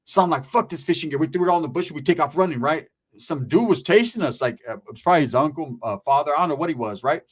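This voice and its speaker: A man telling a story in casual chat, animated and profane, full of street slang and shouted sound effects. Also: on the high side, quick pace, few pauses, slightly rough.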